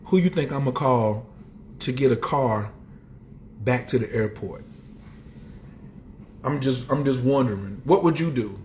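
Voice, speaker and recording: A man's voice: a little slow, long pauses, a little hiss or hum. A man hosting a casual motivational livestream, talking in streetwise slang and greeting viewers in the chat. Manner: animated, swings up and down in pitch. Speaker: livestream host and motivational speaker.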